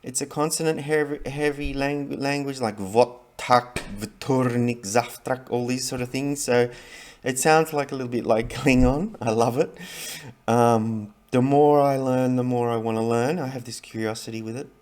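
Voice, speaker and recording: A man's voice: mid-range voice, steady tone, moderate pace, darkish tone, clean tone. A middle-aged man talking casually to camera about learning languages, chatty and rambling, with many fillers and restarts.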